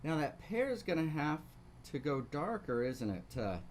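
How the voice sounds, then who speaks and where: Male painting instructor, slightly high voice, live class with faint room noise. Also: sing-song, moderate pace. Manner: talks through steps, asks rhetorical questions. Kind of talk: live online painting lesson.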